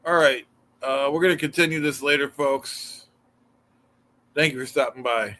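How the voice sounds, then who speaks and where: A male livestream host with a firm, forceful tone, speaking at a mid pitch. He keeps things calm and casual, filling his sentences with easygoing verbal fillers as he steers the chat. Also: normal speed. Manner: calm, filler-heavy, soothing.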